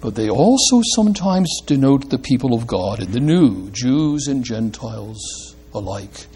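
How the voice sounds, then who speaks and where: Slow, deliberate male preacher. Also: medium pitch, big pitch swings, mellow, breathy edge. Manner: slow and deliberate, rising to emphatic, reads out Hebrew verse. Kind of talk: sermon.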